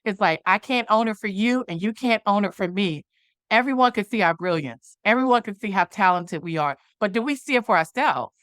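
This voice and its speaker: A woman's voice: medium pitch, expressive, fairly quick, a bit bright, dry recording, clean studio sound. A woman interview guest telling a personal story, animatedly acting out the dialogue from it. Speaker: guest, movement founder.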